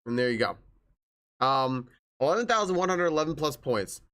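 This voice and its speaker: A man's voice: mid-range voice, very animated, moderate pace, bright, forceful tone. A young man live-streaming a game, chatting in an upbeat way and greeting his viewers one after another.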